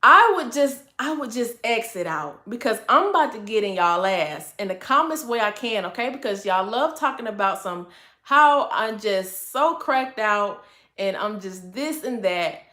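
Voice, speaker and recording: A high, bright woman's voice holds a sassy, scolding livestream rant. She keeps her delivery deliberately calm, tossing "honey" at her viewers again and again. The sound bounces around an echoey room. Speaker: livestream host.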